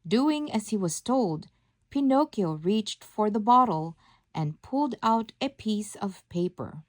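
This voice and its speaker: A woman narrating a children's storybook aloud in a measured, expressive reading. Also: mid-range voice, no room sound. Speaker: storybook reader.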